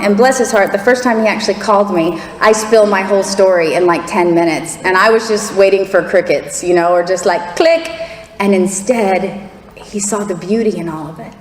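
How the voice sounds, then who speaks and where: Before an audience in a large hall, a middle-aged woman delivers a candid, fervent personal testimony, laughing as she goes. Her mid-range voice is a little fast, and the echoey hall carries faint crowd sounds and noise.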